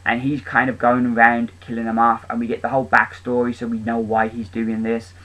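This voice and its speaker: A man talks through his weekly comic picks in a loose, chatty way. His voice sits at an ordinary middle pitch. He is clearly enthusiastic, but he often pauses on an um and restarts his sentences. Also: monotone, fairly bright tone, poor audio. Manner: rambling, with many ums and restarts. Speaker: comic book reviewer. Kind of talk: casual spoken review.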